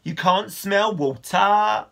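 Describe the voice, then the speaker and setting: Man putting on a high, huffy little girl; anxious and bossy, snaps back fast. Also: gravelly, heavily acted. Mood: indignant. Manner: quick, sharp retorts.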